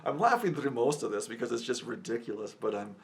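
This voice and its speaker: A man's voice: mid-range voice, big pitch swings, fast talker, vocal fry. A young man rambling through a personal story as a casual vlogger, often chuckling and cutting himself off. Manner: rambling, chuckling, self-interrupting.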